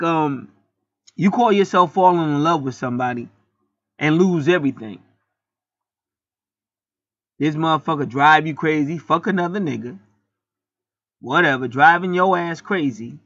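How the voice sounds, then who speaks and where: A man hosting a spiritual channel delivers a blunt, preachy monologue, rambling with frequent restarts and heavy swearing. His voice is a little high and a bit bright, in a dull, lo-fi, dry recording with no room sound.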